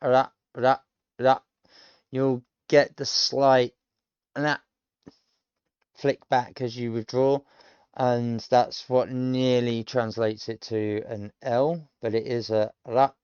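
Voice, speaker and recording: A British man in his thirties talks slowly and rambles through pronunciation notes with plenty of ums. His voice is smooth and sits in the middle range. The recording is dry and slightly dull. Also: medium pitch, level tone, darkish tone, no room sound. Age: 30s. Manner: rambling, explanatory, with many ums. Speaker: language learner streamer. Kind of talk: casual self-study commentary.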